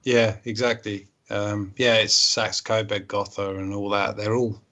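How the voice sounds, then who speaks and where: A man as a guest in a casual online chat, chuckling and chiming in with quick remarks. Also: fairly low pitch, flat delivery, pushed and bright.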